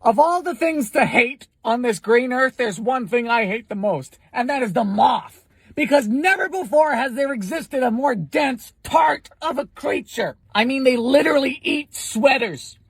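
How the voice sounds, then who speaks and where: A man's voice: very high-pitched, lively intonation, a little slow, fairly bright tone, breathy edge. A man doing scripted comedy sketches, ranting in an exasperated, punchy, profane way. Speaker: comedy creator.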